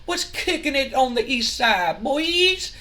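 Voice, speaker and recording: Dude doing a cocky street-slang wrestler, high and loud, strutting. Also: male voice, sing-song, takes it slowly, heavily acted. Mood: swaggering. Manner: swaggering, slangy.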